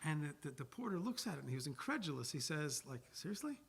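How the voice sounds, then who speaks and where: A rabbi teaches a Torah class, his voice sitting a touch high for a man. He tells stories in an animated, chatty way with plenty of restarts and Yiddish and Hebrew words. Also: quick pace, vocal fry, a little hiss or hum. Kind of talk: Torah lecture with storytelling.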